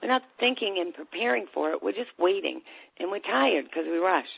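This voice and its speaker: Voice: mid-range voice, expressive, a little fast, vocal fry, husky, no room sound. A time management coach teaching on a group call, telling a story and acting out short quoted exchanges. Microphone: phone or call line. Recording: dry, tinny phone line.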